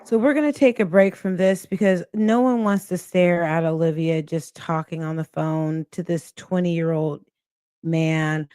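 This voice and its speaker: Dry, clean studio audio captures a woman with a lowish, smooth, slightly mellow voice and fairly even intonation. As a reaction channel host, she talks casually to livestream viewers, slow, critical, and exasperated.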